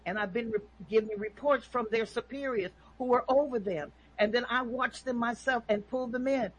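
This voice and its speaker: A woman's voice: fairly high pitch, moderate pace, hardly any pauses, a little hiss or hum, poor audio. A woman calling in, talking emphatically and preachily about her views and often asking "okay?". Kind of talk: impassioned opinion talk.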